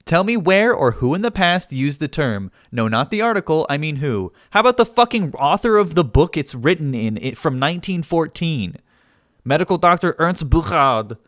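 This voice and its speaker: Man, livestreamer, heated, exasperated, swearing, fairly high voice, dry close sound. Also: big pitch swings, normal speed, a bit bright, no echo. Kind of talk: live stream chat argument.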